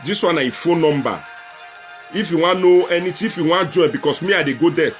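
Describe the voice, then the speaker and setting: A young Nigerian man hosts a loose livestream show, talking to his viewers in a rambling, repetitive way and mixing in Pidgin slang. His voice sits a little high for a man. Faint music plays in the background. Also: a little fast. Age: young adult. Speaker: livestream talk show host. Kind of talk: casual livestream chat.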